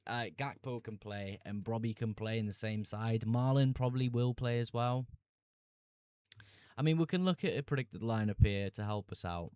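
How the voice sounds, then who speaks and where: A man's voice: mid-range voice, moderate pace, darkish tone, clean tone, no room sound, studio quality. A young man streaming live, chatting casually, laughing easily, and answering viewer comments about fantasy football picks.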